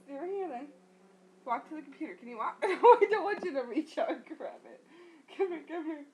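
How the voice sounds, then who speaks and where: Very high, sing-song mom doing baby talk. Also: female voice, big pitch swings, a little fast, darkish tone. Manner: sing-song, laughs often. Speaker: mother. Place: home room.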